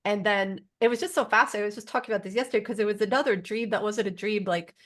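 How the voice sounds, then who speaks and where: A woman in a support group shares her spiritual experiences during a casual group conversation, rambling earnestly and leaning heavily on "like" as a filler. Her mid-range voice is steady in tone and rapid-fire.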